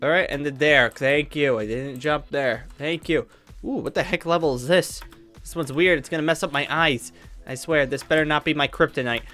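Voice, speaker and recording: A man's voice: a little high, normal speed, sharp tone. Frustrated young man's gameplay commentary. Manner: frustrated, talks to himself, swings between mutters and outbursts. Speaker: gaming youtuber. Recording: faint game music behind.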